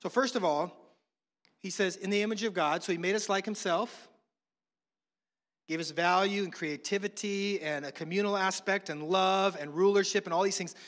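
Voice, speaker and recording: A man's voice: sits high, moderate pace, fairly bright tone, long reverb tail. A middle-aged man from the United States preaching a sermon in a conversational way, weaving in humorous family stories. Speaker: pastor.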